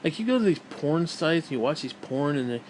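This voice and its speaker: A man delivers a profane, bitter rant, stumbling over restarts as he goes. His voice sits a little high and swings widely in pitch. A faint background hiss runs under the recording. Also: lively intonation, a little fast, a little mellow. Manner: crude, bitter, rambling with restarts. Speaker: vlog host.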